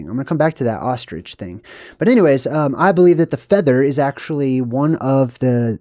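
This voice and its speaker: A man's voice: medium pitch, a little mellow, dry recording, studio quality. A man hosting a casual live video, reading passages aloud and then commenting on them in a rambling, thinking-aloud way with many fillers. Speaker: host of a live video on symbolism. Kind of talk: casual explanatory livestream talk.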